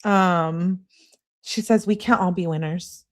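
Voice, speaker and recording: A woman hosting a live stream, reading text messages aloud in an animated way and breaking in with wry asides. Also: fairly low pitch, slow.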